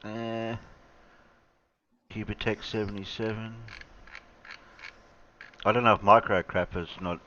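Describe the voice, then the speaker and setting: Brief: Australian male stream host, low-ish bright voice, lo-fi muffled mic. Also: fairly even intonation, slow pace, long pauses, slight background noise. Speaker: livestream host. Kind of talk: casual livestream chat.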